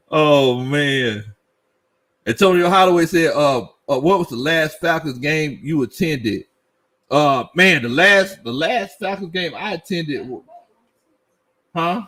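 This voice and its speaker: A middle-aged man hosting a casual sports live stream reads out viewer comments with frequent laughter and animated Southern slang. His voice is fairly high, and he speaks slowly with many pauses.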